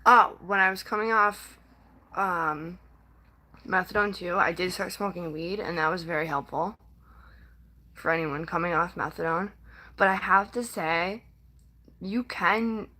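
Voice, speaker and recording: A woman's voice: on the low side, bright, forceful tone, low-quality recording. A young woman vlogger talking casually to her viewers, rambling with many fillers and sometimes close to tears. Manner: rambling, halting, full of "like" and "um"; emotional, near tears at times. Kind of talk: casual personal talk to camera.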